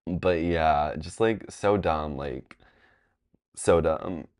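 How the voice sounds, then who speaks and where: Drawing out his words in a smooth voice, a young vlogger tells a casual, rambling story packed with fillers. He leaps into loud, high-pitched voices to quote people.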